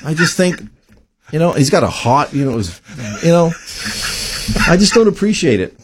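A man in casual sports chat, animated and quick to laugh. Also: fairly high pitch, a little hiss or hum. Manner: animated, laughs easily, acts out players' voices.

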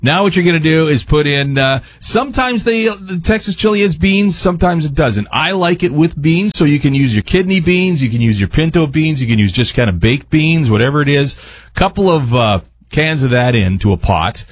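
A man's voice: on the high side, animated, a little fast, no room sound. A man appearing as a guest chef on a radio show, talking through a recipe in a rambling, jokey, chatty way. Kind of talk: casual cooking chat on radio.

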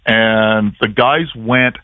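A man's voice: fairly low pitch, fairly even intonation, very slow, no room sound. A man on the phone tells a rambling team story, full of uhs and restarts. His voice is thin and tinny. The line sounds dry and close. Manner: chatty storyteller with fillers and restarts. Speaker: play-by-play broadcaster, phone guest. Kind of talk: casual radio chat.

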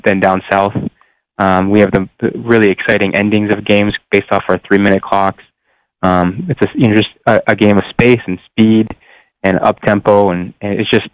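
A young man speaks as a radio guest in an earnest, searching way, his voice low and smooth with an even, flat delivery. The sound is dry and a little dull, as on a lo-fi line. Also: dry recording. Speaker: professional football player.

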